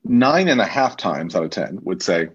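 A man, a stage actor and teacher, telling animated anecdotes as a podcast guest. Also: sits low, moderate pace, breathy edge, highs cut off. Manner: animated anecdotes, acts out quoted voices. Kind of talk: casual interview storytelling.

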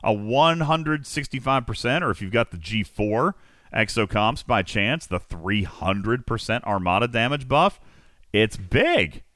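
Male host, casual gaming podcast, bright forceful tone, lively rambling delivery, dry close mic. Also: lowish voice, measured pace, dry recording. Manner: animated, teasing, rambling.

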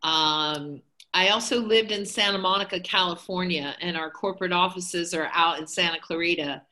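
A bright, clear-toned woman from the United States chatting in an interview. She rambles through her stories with many fillers. Her talk is loose and conversational. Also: lowish voice, moderate pace. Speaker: guest, hair educator.

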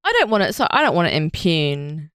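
A woman chats casually as a podcast co-host. Her voice sits a little low and is recorded very dry and close. She tells stories in a wry, animated way. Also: brisk, clear, resonant tone, no echo. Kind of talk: casual chat.

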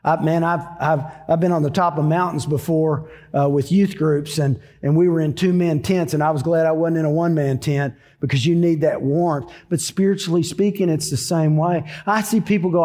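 A man's voice: fairly high pitch, fairly even intonation, moderate pace, hardly any pauses, a little mellow, big-room sound. A middle-aged man preaching a sermon, telling stories in a folksy, conversational way. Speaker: pastor.

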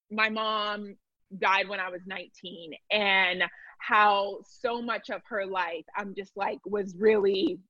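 A woman speaking as a guest in a candid conversation, earnest and reflective, often pausing and restarting. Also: medium pitch, fairly bright tone, no echo. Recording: dry, dull lo-fi sound.

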